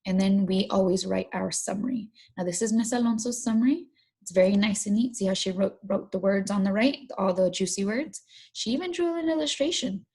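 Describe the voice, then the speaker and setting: A woman's voice: medium pitch, a little fast, a little mellow, breathy edge. A woman teacher running an online vocabulary lesson and read-aloud, repeating each word and asking students to say it along, restarting phrases and explaining in loose everyday words.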